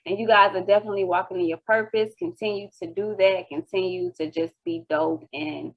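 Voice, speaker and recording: A woman's voice: mid-range voice, steady tone, a little fast, highs cut off. A woman hosting a casual interview show, speaking in an encouraging, chatty way with many "you know"s. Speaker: host.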